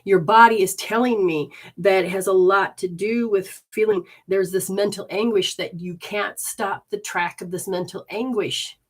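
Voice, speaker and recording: A woman's voice: mid-range voice, fairly even intonation. A woman leading a live healing session and giving readings, soothing and coaxing with repeated instructions. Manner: talks to viewers and spirits, switches fast between voices.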